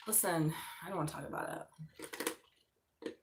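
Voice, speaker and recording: A woman's voice: a little high, very animated, moderate pace, long pauses, dark tone, a little hiss or hum. A middle-aged woman giving a live tarot reading in a casual, chatty way, swearing freely and laughing often. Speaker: tarot reader.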